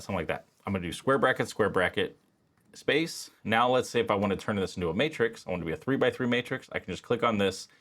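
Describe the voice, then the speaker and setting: Casual low-voiced man teaching software. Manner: casual, conversational with frequent fillers. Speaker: statistics instructor. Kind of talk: screen-recorded software tutorial.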